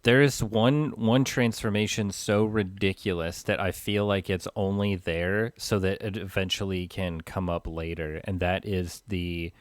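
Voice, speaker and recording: A man co-hosting a podcast, talking casually about a movie with wry, deadpan asides. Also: low-pitched, a little slow, few pauses, no echo. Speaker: podcast co-host.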